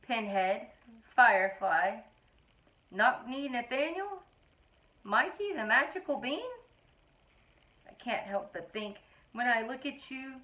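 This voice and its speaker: A woman with a fairly high voice reads children's rhymes aloud, her pitch leaping up and down as she plays up every joke. She takes her time, letting each line land slowly. The sound is thin and tinny, like a phone line. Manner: playful, animated storytelling delivery. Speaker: reader of a children's poetry book. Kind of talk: expressive read-aloud of children's verse.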